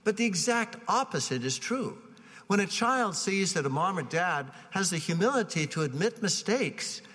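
Male preacher, slightly high, bright voice, chatty sermon delivery, long hall reverb. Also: animated, normal speed, slightly rough. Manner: conversational storytelling with frequent restarts.

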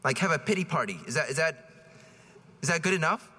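A man's voice: on the high side, lively intonation, fast talker, pushed and bright, slightly rough, long reverb tail. A man preaching a homily in a casual, joking way, often acting out voices. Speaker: priest.

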